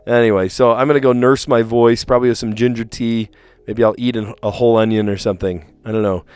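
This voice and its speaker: A man who teaches school, chatting casually on a live stream, his voice sore and hoarse, ranting with lots of fillers and restarts. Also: mid-range voice, fairly even intonation, fast talker, a little mellow, dry recording.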